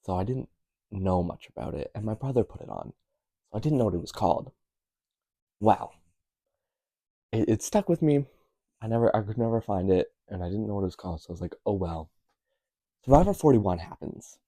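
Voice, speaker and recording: A man's voice: on the low side, expressive, a little fast, long pauses, dark tone, no echo. A young man vlogging in a casual, rambling way, correcting himself and dropping wry asides.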